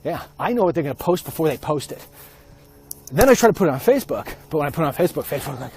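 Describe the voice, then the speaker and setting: A man's voice: a little high, lively intonation, fast, darkish tone, slight background noise. A man hosting a comedic, rambling and sarcastic monologue while walking outdoors at night. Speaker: host. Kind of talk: comedic walk-and-talk monologue.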